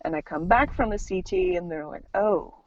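A young woman recounts her own story in casual chat. She is animated and laughs often, and she slips into lively voices for the people she quotes. The recording is a little dull and very dry, with no room sound. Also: lowish voice, fairly quick, no room sound. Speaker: guest.

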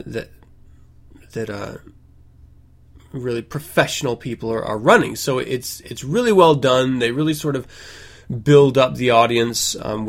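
A man hosting his own podcast, talking casually and ranting with plenty of profanity, getting loud and exasperated. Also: mid-range voice. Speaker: podcast host. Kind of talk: casual solo podcast rant.

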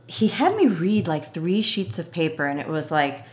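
A woman's voice: low voice, animated, normal speed. A woman telling a story in casual conversation as a guest. She talks in a chatty way, full of "like", and acts out both sides of the dialogue.

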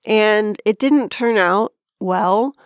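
A woman's voice: mid-range voice, slow, dry recording, studio quality. A woman co-hosting a podcast, talking about a movie in a chatty, frank way with casual swearing. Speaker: podcast co-host. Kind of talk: casual movie review chat.

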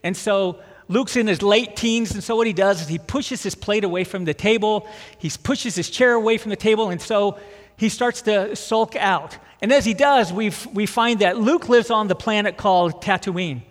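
A man's voice: high voice, moderate pace. A man preaching a sermon in a conversational, self-deprecating way with dry jokes. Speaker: pastor. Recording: long hall reverb.

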